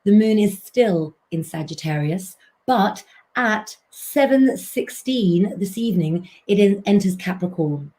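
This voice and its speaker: Brief: woman, live-stream astrologer doing tarot readings, warm chatty delivery, talks straight to viewers. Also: mid-range voice, animated, measured pace. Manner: chatty, keeps addressing viewers as "guys".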